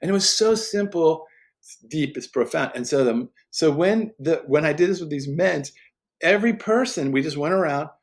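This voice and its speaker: A man's voice: a little high, animated. A man, a guest speaker, giving a conversational faith teaching in an earnest, emphatic way, often restarting his sentences. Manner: earnest and emphatic, with frequent restarts and quick laughs.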